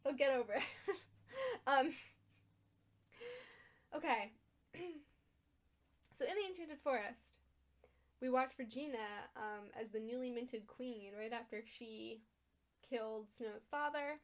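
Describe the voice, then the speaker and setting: A woman's voice: fairly high pitch, slow, long pauses. Chatty young woman recapping a show. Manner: chatty, frequent ums and laughs, blunt swearing. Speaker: podcast co-host. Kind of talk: casual chat recapping a TV episode.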